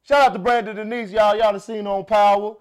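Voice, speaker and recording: A man with a Southern accent hosting a casual podcast, animated and laughing, restarting his sentences often. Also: sits high, fast talker, clean tone. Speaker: podcast host.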